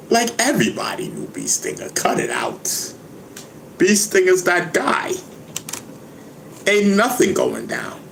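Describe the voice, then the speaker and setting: A man's voice: sits high, big pitch swings, measured pace, vocal fry, pauses often, fairly bright tone, a little hiss or hum, low-quality recording. A man talking casually to his viewers, boastful and laughing, who keeps saying "you know what I mean". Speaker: vlogger.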